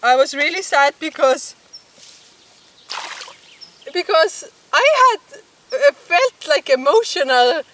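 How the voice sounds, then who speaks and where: A woman's voice: high voice, big pitch swings, takes it slowly, long pauses, a bit bright. A woman photographer telling a story to the camera outdoors by a bog, giggling often as she talks. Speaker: photographer and vlogger. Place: outdoors by a bog, with bugs around. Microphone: camera mic, filmed outdoors. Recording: voice a bit distant from the camera mic.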